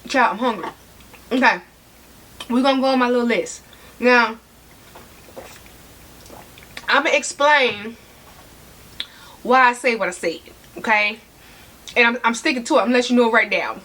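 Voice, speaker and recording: Speaking to camera about handbags, a woman keeps up sassy, casual chatter with her viewers as she eats, her mouth occasionally full. Her fairly high voice is pushed and bright, moving at a normal speed with long pauses.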